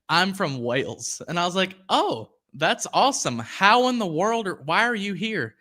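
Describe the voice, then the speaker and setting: With a medium-pitched, sharp-toned voice, this young man chats casually as host of a sports podcast. It's casual live-stream commentary: he drifts into tangents and reads out comments from viewers.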